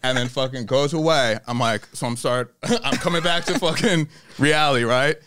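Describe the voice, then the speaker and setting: A man, a stand-up comedian guest, telling a story in casual chat, profane and animated, laughing often. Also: mid-range voice, moderate pace, dry recording, studio quality. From New York.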